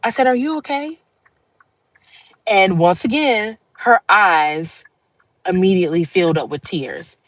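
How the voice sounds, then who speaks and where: A woman's voice: lowish voice, unhurried, a bit bright, no room sound, rough recording. A woman hosting a livestream, talking to viewers in a casual, heartfelt monologue. She rambles earnestly and laughs often. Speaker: livestream host.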